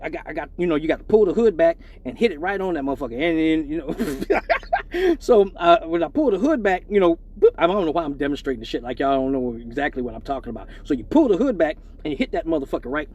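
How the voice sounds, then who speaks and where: Male live-stream host, high-pitched, profane and laughing, casual storytelling. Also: big pitch swings, fast, darkish tone.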